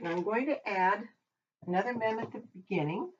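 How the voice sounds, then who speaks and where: A woman teaching a language lesson who talks while she writes, pausing and correcting herself as she goes. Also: medium pitch, a little hiss or hum. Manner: talks while writing, with pauses and self-corrections. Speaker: Hebrew teacher. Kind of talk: slow, patient lesson at a whiteboard. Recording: dull lo-fi recording.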